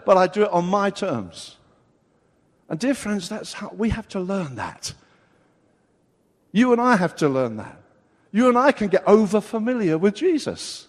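An older male preacher with a high voice delivers a sermon, and a long hall reverb trails every phrase. He acts out the people he quotes, jumping from near-shouts down to quiet asides. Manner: acts out quoted voices with big swings of loudness.

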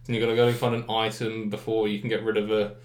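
A young man chatting casually about games, rambling with lots of fillers and clear enthusiasm. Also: lowish voice, completely flat delivery, fast talker. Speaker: gaming podcast co-host. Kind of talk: casual chat. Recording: echoey room.

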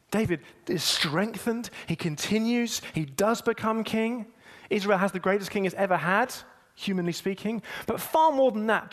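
A man delivers a sermon directly to his congregation, building up to emphatic peaks. His delivery is forceful, swinging widely in pitch and loudness.

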